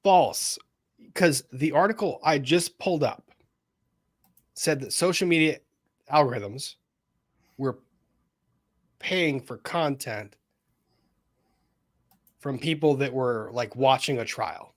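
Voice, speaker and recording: A man with a medium-pitched voice hosts a live commentary chat, cutting in to react and keep things moving. He rants with animated energy and speaks straight to his audience. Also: slow, pauses often. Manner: animated, interrupts, ranty, talks to viewers. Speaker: livestream host.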